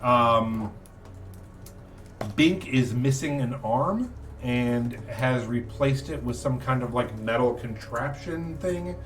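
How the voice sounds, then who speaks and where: A man running a tabletop game as game master, narrating with many pauses and fillers. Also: mid-range voice, expressive, far from the mic, faint music behind. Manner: halting, full of uh and um.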